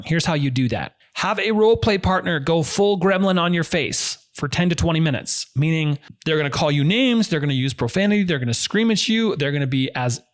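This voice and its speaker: Emphatic man coaching on negotiation. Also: a little high. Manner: direct and emphatic, repeats key phrases. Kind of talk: instructional talk to camera.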